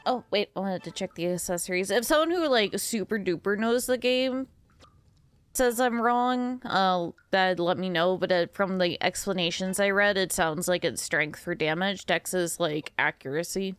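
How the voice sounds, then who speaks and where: Drowsy woman streamer, rambly and giggly with chat, smooth voice in a dead-dry room. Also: mid-range voice, normal speed, dry recording. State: sleepy. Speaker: game streamer. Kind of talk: casual gameplay commentary.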